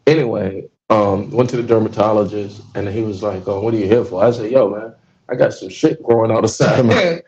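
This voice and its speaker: Male podcast host, gravelly voice, swearing storyteller, mellow tone. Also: fairly low pitch, brisk, dull audio. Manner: storytelling, profane, laughs often. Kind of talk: casual podcast chat.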